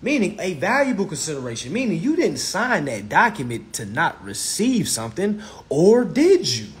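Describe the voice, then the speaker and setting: A man's voice: high-pitched, huge pitch swings, moderate pace. A man lecturing on a live stream, blunt and profane, who repeats his phrases for emphasis.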